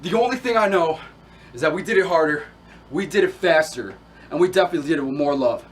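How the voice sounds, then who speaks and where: A man reciting a film monologue as a young male punk who rants loudly and defiantly, swearing. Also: on the high side, lively intonation, fast, slight background noise, close to an everyday voice. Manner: loud, defiant ranting with profanity. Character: young male punk ranting about the punk scene.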